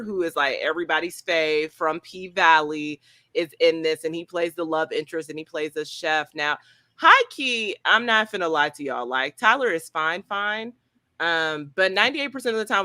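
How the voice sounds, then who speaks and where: A woman reviewing a TV series on a casual roundtable, talking in an animated, slangy way and laughing often. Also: lowish voice, no room sound. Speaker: film and TV critic.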